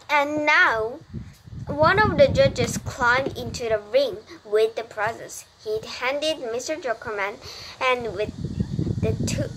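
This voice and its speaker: A woman whose first language is Korean reads an English novel aloud to a child, restarting on hard words. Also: on the high side. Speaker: parent reading to a child. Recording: noisy home recording.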